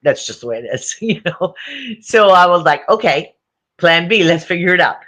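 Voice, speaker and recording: A woman hosting a casual livestream chat, talking warmly to her viewers and laughing often. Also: lowish voice, lively intonation, moderate pace. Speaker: livestream host. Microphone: phone.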